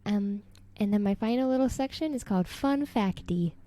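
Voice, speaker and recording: A woman's voice: mid-range voice, animated, normal speed, mellow. A woman co-hosting a podcast, chatting casually and retelling a story with lots of "like" and "um" and frequent giggles. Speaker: podcast co-host. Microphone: podcast mic.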